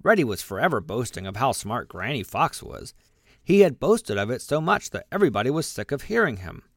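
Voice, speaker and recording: A man narrating a children's storybook aloud, lively and expressive, giving the animals their own voices. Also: medium pitch, fairly quick, dry recording, clean studio sound. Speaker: audiobook narrator.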